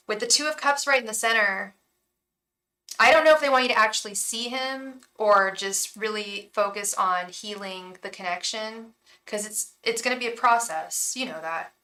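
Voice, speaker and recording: A young woman giving a live tarot reading, talking warmly and emotionally with many restarts and fillers. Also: medium pitch, moderate pace. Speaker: tarot reader.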